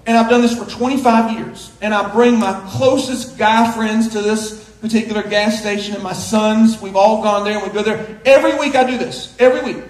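High-voiced animated preacher man. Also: normal speed, few pauses. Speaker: pastor. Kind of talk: sermon with humorous anecdote. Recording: roomy echo of a big hall.

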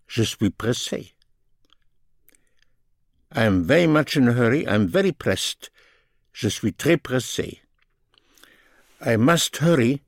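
A man gives a language lesson at an unhurried, deliberate pace, repeating each phrase in both languages. His voice sits at an ordinary middle pitch, and the recording is dry and close, with no room sound. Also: no echo. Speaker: French language teacher.

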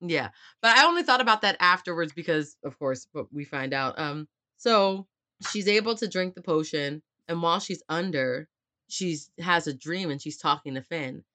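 Animated, swearing woman recapping a book. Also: lowish voice, normal speed. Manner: animated, swearing, acts out characters' lines. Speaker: book club co-host. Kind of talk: casual book discussion.

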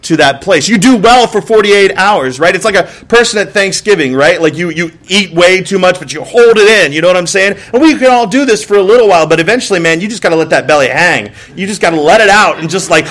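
This man's sermon comes fast with few pauses, his high-pitched voice expressive and a bit bright. Preaching conversationally in church, he keeps asking "right?", repeats words, and performs exasperated outbursts.

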